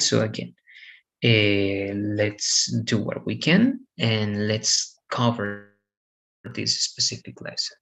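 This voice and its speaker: A man's voice: mid-range voice, gravelly, a bit bright, poor audio. A man teaching an English lesson, explaining pronunciation rules patiently and correcting himself as he goes. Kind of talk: online classroom lesson.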